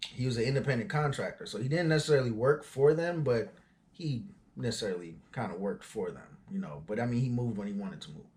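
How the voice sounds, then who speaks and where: Man, 40, small business owner, easygoing storyteller, mid-pitched voice, lots of "you know" and "uh". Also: quick pace, a little mellow. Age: 40s. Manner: loose and conversational, frequent fillers and asides. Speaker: auto transport business owner. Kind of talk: casual storytelling.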